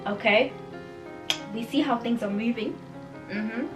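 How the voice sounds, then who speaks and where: A young woman talks in a casual reading vlog, and her voice sits high. She is animated and outspoken and swears freely as she reacts. Soft music plays faintly underneath. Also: measured pace. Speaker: book vlogger. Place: home, indoors.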